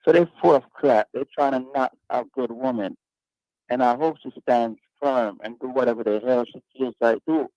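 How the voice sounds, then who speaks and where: A man's voice: mid-range voice, normal speed, mellow, no room sound. A man hosting a radio talk panel, arguing his points in an emphatic, preachy way. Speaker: radio talk show host. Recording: dull lo-fi radio sound.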